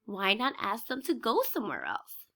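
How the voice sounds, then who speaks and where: A woman voicing a calm, helpful pig friend in a storybook, speaking matter-of-factly. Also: mid-range voice, moderate pace, full character voice. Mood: reassuring.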